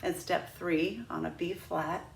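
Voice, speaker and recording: A woman's voice: lowish voice, fairly even intonation, measured pace, creaky, reverberant, a little hiss or hum. A woman teaching a flute lesson, patient and demonstrative, walking students through each step. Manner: patient, demonstrative, breaks into sung "ha ha" drills. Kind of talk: instructional lesson.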